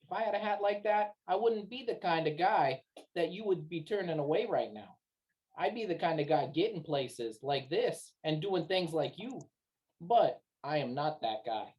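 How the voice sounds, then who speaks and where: Woman playing a smooth-talking adventurer guy. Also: lively intonation, moderate pace, darkish tone, muffled recording, natural voice. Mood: wheedling. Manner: wheedling, persuasive sales-pitch talk. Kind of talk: tabletop role-play voice acting.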